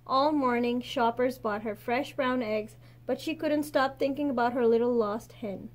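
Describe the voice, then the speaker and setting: A woman teacher reads a picture book aloud with lots of expression. Her voice is high and clear, and she slows and softens for quiet endings.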